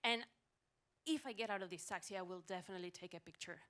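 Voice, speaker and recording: A woman telling a funny personal story on stage at a live storytelling event, animated with wry timing, into a stage mic. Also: medium pitch, fast talker.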